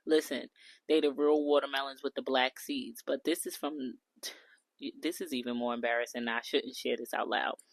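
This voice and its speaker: A woman's voice: very deep voice, fairly even intonation, moderate pace, no echo. A woman, chatting through a cooking vlog, blunt and talking straight to viewers. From New York City. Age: 30s. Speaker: food vlogger. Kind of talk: casual cooking vlog voice-over.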